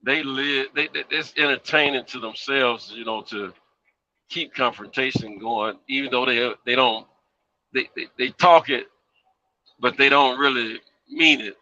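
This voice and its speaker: A man's voice: mid-range voice, a little slow, pushed and bright, slight background noise. A tired man hosting a boxing chat, rambling and repeating his words in a laid-back way. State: tired, yawning. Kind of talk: casual chat. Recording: muffled lo-fi sound.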